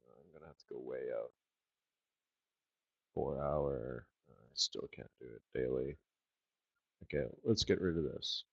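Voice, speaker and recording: A man hosting a live trading webinar, talking over his charts with excited outbursts and trailing murmurs. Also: very deep voice, a little slow, gravelly, long pauses, husky, dull audio. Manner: excitable, exclamatory, trails off while fiddling with charts. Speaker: forex market strategist hosting a live webinar.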